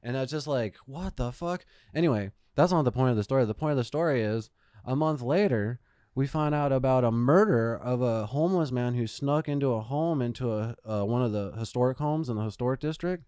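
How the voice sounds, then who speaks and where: Casual podcast host, man, swears freely, smooth clear voice, dry close sound. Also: medium pitch, a little fast, dark tone, dry recording. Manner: profane storytelling, swears a lot. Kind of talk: casual chat. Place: Phoenix, Arizona.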